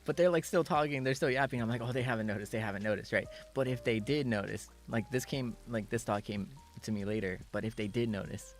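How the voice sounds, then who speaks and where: A fast-talking man barely pauses as he chats casually on stream, with faint music playing behind him. He tells a story in an animated way, acting out quotes and bursting into high laughter again and again.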